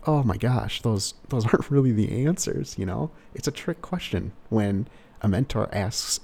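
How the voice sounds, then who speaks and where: A man's voice: on the low side, normal speed, creaky, warm tone, breathy edge. A male car salesperson giving casual sales advice in a rambling way, full of "you know" fillers.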